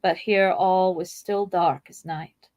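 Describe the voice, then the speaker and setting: A woman hosting a podcast, reading a novel aloud in a measured, expressive way with playful asides. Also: on the low side, no room sound.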